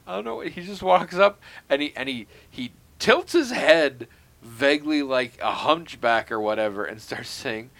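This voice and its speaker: A man co-hosting a podcast, chatting casually and telling animated stories with the odd curse. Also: mid-range voice, unhurried, gravelly. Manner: profane, animated storytelling. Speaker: podcast co-host. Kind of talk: casual chat.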